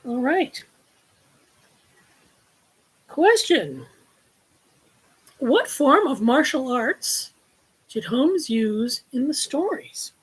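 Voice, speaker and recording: Woman author hosting a live book launch, chatty and playful, husky and high-pitched. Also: very animated, drawn-out words, pauses often, low-quality recording.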